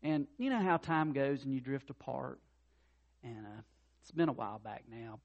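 A middle-aged man preaching a sermon as pastor, earnest, dropping soft and low then rising to loud impassioned peaks. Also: expressive, moderate pace, vocal fry, dull audio. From North Carolina.

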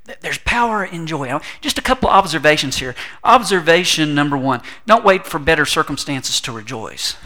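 Lively, bright-voiced male preacher. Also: a little high, normal speed, hardly any pauses. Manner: animated preaching with humor and asides. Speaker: pastor. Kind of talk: sermon.

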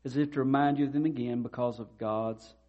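Guy preaching a sermon, chatty and animated, voice a bit dull like an old lo-fi recording. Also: mid-range voice, a little fast. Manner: conversational preaching with animated retold dialogue. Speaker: pastor.

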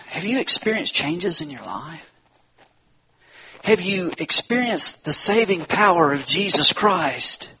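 A pastor preaching a sermon, a man who swings from loud, impassioned appeals to hushed tones. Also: high voice, lively intonation, slow, breathy edge.

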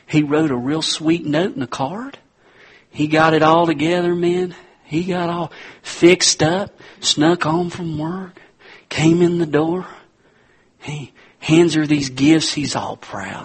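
A man preaching a sermon to his congregation, telling stories with sudden loud peaks. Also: fairly high pitch, slow, husky. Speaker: pastor.

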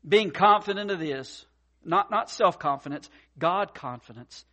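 Expressive preacher man, slightly higher voice. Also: unhurried. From mountain region. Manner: expressive, swings from soft to loud, acts out worried voices; folksy, many fillers and repeats. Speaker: pastor. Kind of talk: sermon.

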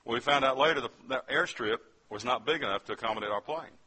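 Speaking at a quick pace in a medium-pitched, sharp, slightly rough voice, this West Virginia man delivers a sermon-style testimony. He tells his story as he goes, speaking straight to the people listening.

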